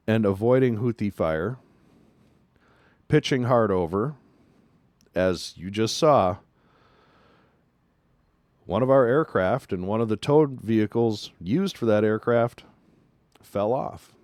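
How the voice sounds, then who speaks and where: A man's voice: on the low side, animated, slow, pauses often, darkish tone, no room sound, studio quality. A man hosting a news commentary show. He talks emphatically and repeats his points for stress. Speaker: show host.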